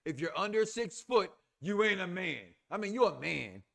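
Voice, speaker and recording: A man co-hosting a casual review show, loud and playful, crude jokes, acting out the characters as he recaps. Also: sits high, lively intonation, moderate pace, creaky.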